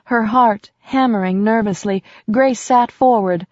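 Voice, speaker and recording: A woman narrating a novel in a slow, lower-pitched voice, steady and measured. The sound is close and dry, slightly dulled like a home audiobook recording. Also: no echo, lo-fi sound. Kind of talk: scripted narration.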